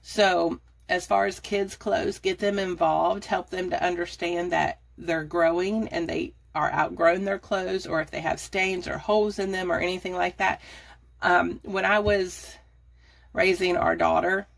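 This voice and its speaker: A woman's voice: fairly low pitch, fairly even intonation, unhurried, creaky. A middle-aged woman, out of breath, giving chatty, rambling decluttering tips to her phone camera. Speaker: budgeting and decluttering vlogger. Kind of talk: casual how-to talk to camera.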